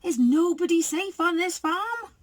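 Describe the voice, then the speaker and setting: Woman reading aloud, putting on a tiny high-pitched ladybird, quick-witted and brave, storybook voice. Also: expressive, dry recording. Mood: alarmed. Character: small brave clever female ladybird.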